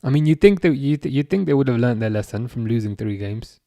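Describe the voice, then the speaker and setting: A man's voice: mid-range voice, animated, fast, mellow, no room sound, clean studio sound. A young man hosting a live stream, reading viewer chat aloud and answering in a chatty, self-correcting way. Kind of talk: casual live chat commentary.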